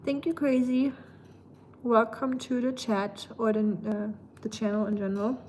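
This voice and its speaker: A woman's voice: fairly high pitch, level tone, normal speed, darkish tone, slight background noise. A woman from Germany with a German accent, chatting casually and rambling with lots of fillers on a livestream. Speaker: live streamer.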